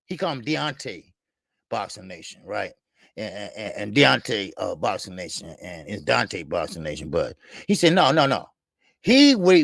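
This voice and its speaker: A man's voice: high voice, vocal fry, a bit bright, dry recording. A middle-aged man hosting a boxing talk stream, ranting heatedly and swearing often, repeating himself and reacting to the chat. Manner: profane, heated, repetitive ranting. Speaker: boxing talk show host. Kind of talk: live stream rant reading chat.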